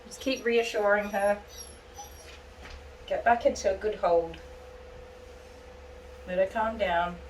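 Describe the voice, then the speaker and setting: A young adult woman grooming a dog, softly coaxing it and calmly explaining each step. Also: medium pitch, slow, pauses often, slight background noise. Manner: soft soothing coaxing, calm step-by-step explaining. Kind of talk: narrated grooming video. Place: grooming salon. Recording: distant mic, loud electric clippers buzzing.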